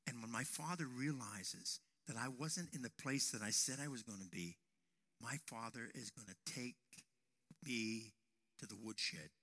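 A man preaches a sermon to young men, sharing a personal story in an unhurried, mid-range voice and rising to a shout at dramatic moments. The recording has a long hall reverb.

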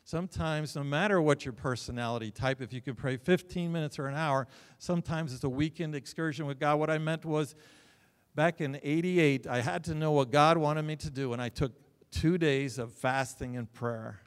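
A middle-aged male pastor delivering a sermon, telling stories with sudden loud bursts and joking asides. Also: a little high, moderate pace, clear, resonant tone. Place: church sanctuary. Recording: long hall reverb.

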